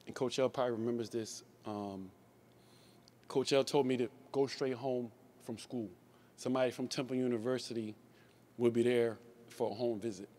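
A man in his forties, a former player, tells anecdotes in a memorial speech, often restarting and repeating words. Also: medium pitch. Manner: storytelling, repeats and restarts words, laughs along.

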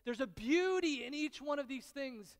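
Preaching in a large hall full of long reverb, a man with an extremely high-pitched voice delivers a sermon. He repeats phrases, pauses for drama, and swings from soft, close-feeling lines to loud, excited bursts.

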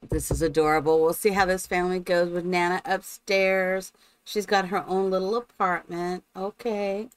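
A woman's voice: lowish voice, fairly even intonation, moderate pace, smooth, no room sound, rough recording. A woman streaming gameplay live, chatting along and talking fondly to her game characters, after opening with a spoken blessing.

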